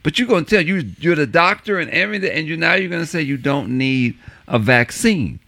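A man's voice: fairly high pitch, animated, a little fast, gravelly, bright, forceful tone, dry recording. A man telling a story in casual chat, acting out both sides of a phone call with big swings in his voice.

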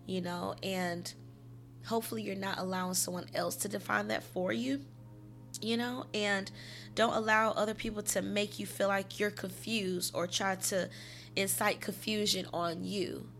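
A woman's voice: mid-range voice, steady tone, normal speed, a bit bright, soft background music. Chatty woman podcast host giving advice. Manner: rambling, conversational, says "you know" often; advising, direct, occasional swearing. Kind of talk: casual spiritual talk.

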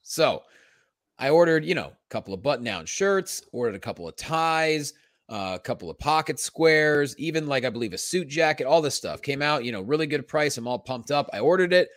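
A man hosting a casual comedy podcast, telling a story in an animated, jokey way. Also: on the high side, fairly quick, no echo, studio quality. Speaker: podcast host.

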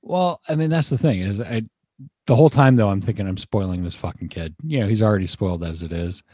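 Low, mellow-voiced podcast host. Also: male voice, fast, breathy edge, dry recording, studio quality. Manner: profane, rambling. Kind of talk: casual podcast chat.

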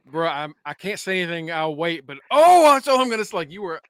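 A man's voice: a little high, sing-song, fairly quick, very noisy. A man co-hosting a podcast, chatting casually, laughing a lot and teasing his co-host. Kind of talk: casual recap chat.

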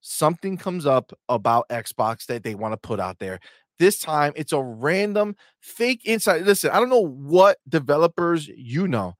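Male co-host, heated and profane, slightly raised pitch, close dry mic. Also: no room sound. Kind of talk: casual livestream chat.

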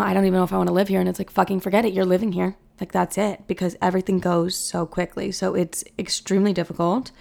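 A young woman hosting a podcast, telling a long story in a rambling, profane, animated way, acting out the dialogue. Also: mid-range voice, gravelly. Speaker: podcast host. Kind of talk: casual storytelling monologue.

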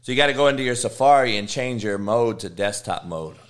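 A man, a football coach on a livestream, answering chat with profane, confrontational rants that swing from low mutters to loud, high tirades. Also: lively intonation, a little fast. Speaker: football coach streaming live.

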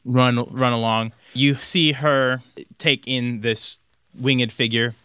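A man running a tabletop role-playing game, painting each scene in a loose, conversational way. His voice is bright and sits in an ordinary pitch range for a man. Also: steady tone, slow pace, smooth, dry recording, studio quality. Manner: descriptive, conversational, with frequent "like" and "kind of". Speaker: game master.

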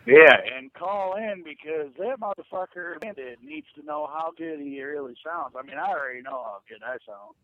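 A man's voice: on the high side, moderate pace, few pauses, no echo, phone-quality sound. A man co-hosting a radio show, trading brash, profane banter. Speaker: co-host.

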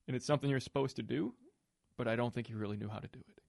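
A man's voice: medium pitch, very fast, vocal fry, a little mellow, dry recording. Dry-sounding man with sarcastic humor. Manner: dry, sarcastic mock praise. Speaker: podcast co-host. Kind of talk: casual movie-review chat.

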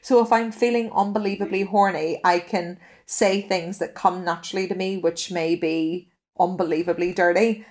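A woman's voice: lowish voice, steady tone, normal speed, darkish tone. A woman co-hosting a podcast, chatting casually and frankly, swearing freely and laughing at her own stories. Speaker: podcast co-host. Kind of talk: casual chat.

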